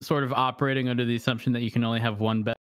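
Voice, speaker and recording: Guest voice, giggly and self-deprecating, bone-dry sound, mid pitch. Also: little pitch movement, rapid-fire, clean tone, no room sound. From Massachusetts. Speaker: podcast guest, roleplayer. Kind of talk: casual chat.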